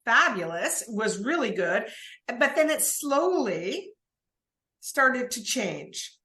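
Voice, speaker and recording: A woman hosting an interview, prompting her guest gently and giving short supportive replies. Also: fairly high pitch, big pitch swings, slow. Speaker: podcast host.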